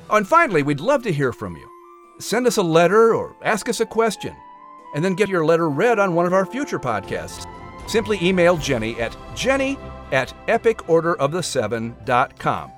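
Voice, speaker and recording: A male narrator hosting a podcast outro, reading promos with a lively, bouncing pitch and a slightly high voice. Soft music plays beneath him. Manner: animated announcer delivery.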